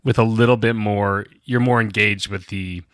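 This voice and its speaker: A man co-hosting a podcast in casual chat, reflective and quick to laugh. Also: on the low side, steady tone, a bit bright, no echo, clean studio sound. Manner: reflective, laughs easily, sometimes does voices. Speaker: podcast co-host.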